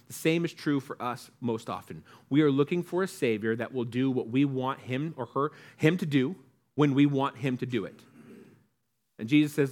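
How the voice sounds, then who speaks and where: A man preaching a sermon in a relaxed, conversational way, asking the congregation questions and acting out quoted lines. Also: medium pitch, normal speed. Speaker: pastor.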